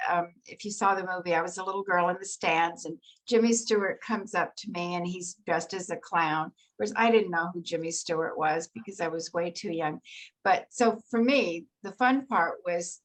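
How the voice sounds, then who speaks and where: Older woman telling lively anecdotes. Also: fairly low pitch, poor audio. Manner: animated anecdotal storytelling with laughs. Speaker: guest actress. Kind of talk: storytelling in an interview.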